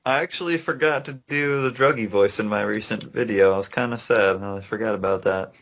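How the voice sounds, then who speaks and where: Young man, low gravelly voice, casual podcast chat, rambling, laughs a lot. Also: fairly quick, a bit bright. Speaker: podcast co-host.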